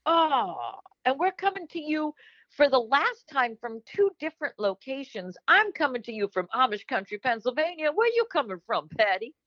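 A woman's voice: sits high, sing-song, moderate pace, no room sound, dull audio. A woman co-hosting a comedy podcast, bantering playfully and laughing often as she riffs on bits from a remote home setup. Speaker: podcast co-host.

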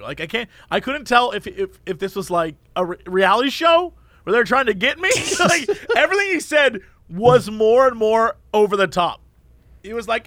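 Very high-voiced, animated storytelling man. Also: moderate pace, no echo. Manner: animated, laughing often. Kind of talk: casual chat and storytelling.

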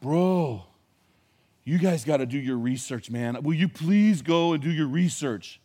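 A man's voice: a little high, animated, a little slow, mellow, voice pushed down. A man quoting a laid-back middle-aged skeptic who drawls and keeps calling people bro. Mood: insistent. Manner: drawling, says bro a lot.

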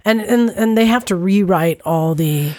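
A woman hosting a motorcycle podcast, explaining quickly with repeated starts. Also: medium pitch, darkish tone, no room sound, clean studio sound. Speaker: podcast host. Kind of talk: casual chat.

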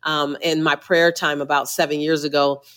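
A woman's voice: sits low, little pitch movement, moderate pace, fairly bright tone. A woman who is a motivational speaker, a guest on a podcast interview, talking with emphatic, preacher-like repetition.

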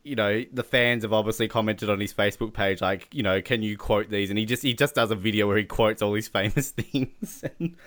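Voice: medium pitch, a little fast, few pauses, dry recording. A podcast co-host in casual movie chat, enthusiastic and laughing often.

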